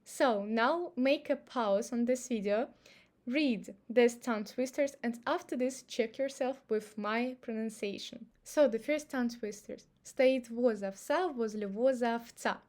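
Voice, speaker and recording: A woman's voice: a little high, unhurried, darkish tone. A woman with a Russian accent, a native speaker of Russian, patiently explaining pronunciation rules step by step in a language lesson.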